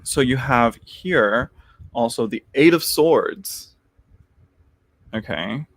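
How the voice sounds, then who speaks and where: A man's voice: medium pitch, expressive, slow pace, no echo. A man hosting a casual live tarot chat, rambling with many restarts and laughing easily as he talks to viewers.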